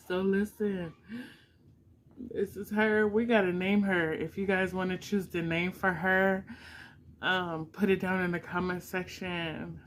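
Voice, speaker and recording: A woman's voice: fairly low pitch, little pitch movement, unhurried, a little hiss or hum, rough recording. A middle-aged woman vlogging an unboxing at home, gushing and emotional with frequent exclamations. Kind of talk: casual unboxing vlog.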